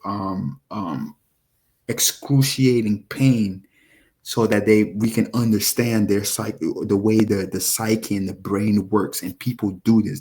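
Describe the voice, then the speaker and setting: A man giving casual scripture commentary to his viewers, animated and rambling, talking straight to them. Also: on the low side. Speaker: religious video preacher.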